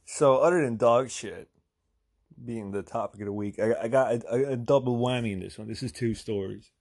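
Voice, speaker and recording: A man's voice: medium pitch, moderate pace. Profane Irish man telling a story. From Ireland. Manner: profane, with sudden bursts of emphasis; chatty, with frequent "right?" asides. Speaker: podcast host. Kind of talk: comic storytelling monologue.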